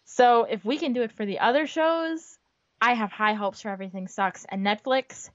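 Upbeat female co-host, slightly high voice, dry lo-fi recording. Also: normal speed, fairly bright tone, dry recording. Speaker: podcast co-host. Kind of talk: casual chat. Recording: dull lo-fi recording.

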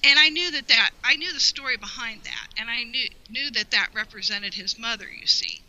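Woman guest, very bright voice, heartfelt and rambling, emotional storyteller. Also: a little high, normal speed, poor audio. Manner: heartfelt, rambling with frequent "you know". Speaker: guest, longtime fan. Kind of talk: personal storytelling in an interview.

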